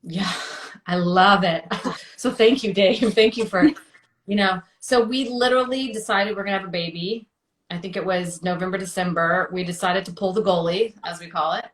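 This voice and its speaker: A woman's voice: mid-range voice, moderate pace, reverberant. A woman in her thirties telling her personal story as an interview guest, chatty with many fillers and acting out quotes.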